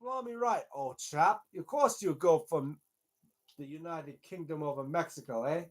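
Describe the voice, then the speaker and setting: A man hamming up a hearty British gentleman with a broad, put-on posh accent and a slightly raised pitch. The voice cheers on its own choices in clumsy, overdone old-chap phrasing. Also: unhurried, close to an everyday voice.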